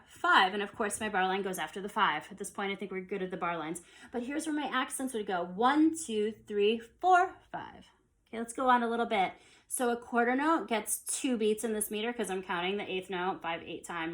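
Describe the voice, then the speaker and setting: Woman, music teacher, online lesson, casual explaining, counts beats aloud, mid pitch. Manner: relaxed and conversational, with fillers and restarts.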